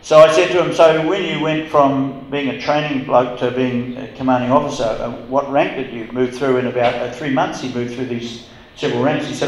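A man's voice: mid-range voice, steady tone, fairly quick, slight background noise. A man telling a wartime anecdote to a live meetup, rambling with frequent restarts and fillers. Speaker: guest storyteller. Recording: echoey room recording.

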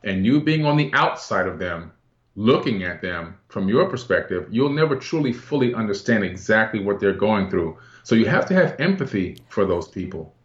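A man as a guest in a casual chat, speaking earnestly and reflectively with some halting restarts. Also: on the low side, big pitch swings, echoey room, muffled recording.

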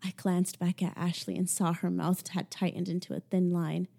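A young adult woman narrating a first-person audiobook in a hushed, intimate way with sarcastic asides. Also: fairly low pitch, flat delivery, moderate pace, vocal fry.

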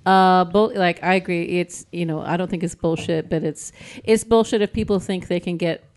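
A woman on a podcast panel, explaining in a halting way with restarts. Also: on the low side, steady tone. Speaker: panel guest. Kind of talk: casual panel chat.

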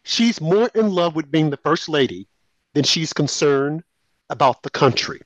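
A man's voice: on the high side, expressive, a little slow, no room sound, rough recording. A man co-hosting a talk radio show, giving emphatic, indignant commentary. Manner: emphatic, indignant, mimics others.

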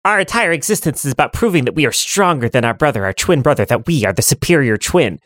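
A man's voice: mid-range voice, expressive, fast, fairly bright tone, no room sound, close to an everyday voice. Man playing a haughty talking kidney, proud male twin, grandiose, sings up and down, game-table voice, dry close sound. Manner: grandiose, self-important.

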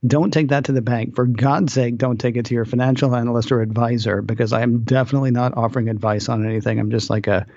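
A man with a gravelly voice chats casually as a podcast host. He rambles and hedges his points. The sound is dry and slightly dull. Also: medium pitch, fairly even intonation, fast talker, few pauses, a little mellow, no echo. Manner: rambling, self-qualifying. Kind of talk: casual chat.

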